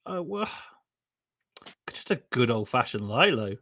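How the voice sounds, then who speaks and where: A man's voice: medium pitch, unhurried. A man, chatting casually and telling stories with lots of laughter. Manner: giggly, animated storytelling. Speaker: guest. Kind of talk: casual chat on a live stream.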